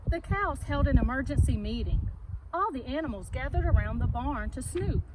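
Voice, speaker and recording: Slow, lively woman reading a picture book. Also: high voice, distant mic, very noisy. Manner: unhurried, asks the listener questions between pages. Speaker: reader.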